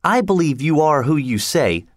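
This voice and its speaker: A man reading the lines of a loyal young boy king in a sincere, gentle way. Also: fairly high pitch, sing-song, normal speed, no room sound, studio quality, voice pushed up.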